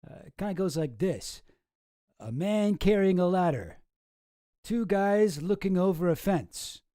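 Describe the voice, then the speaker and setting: A guy quoting a stand-up comic doing a deadpan bit, hyped at first, then reading a dry list, a touch higher than usual with a mellow tone. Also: a little slow, no room sound. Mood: mock-excited.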